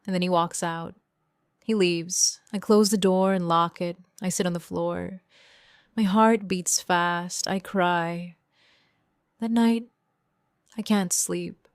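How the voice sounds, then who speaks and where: A young woman narrating a first-person story in slow, simple, clear sentences for English learners. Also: lowish voice, fairly even intonation, no room sound, studio quality. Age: young adult. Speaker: audiobook narrator.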